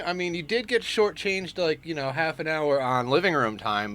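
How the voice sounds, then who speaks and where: A man's voice: fairly high pitch, moderate pace, few pauses, a bit bright. A sleepy man chatting casually with his livestream chat, joking and greeting viewers by name. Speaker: streamer.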